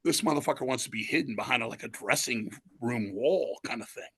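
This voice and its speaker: A middle-aged man telling animated, profanity-heavy stories in a casual interview. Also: mid-range voice, fairly quick, slightly rough. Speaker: guest musician.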